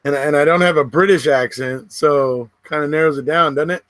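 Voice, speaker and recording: A middle-aged man from the West Coast of the United States hosting a casual livestream, chatting to viewers and rambling with quick laughs between remarks. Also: fairly high pitch, fairly even intonation, a bit bright, dry recording. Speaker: livestream host.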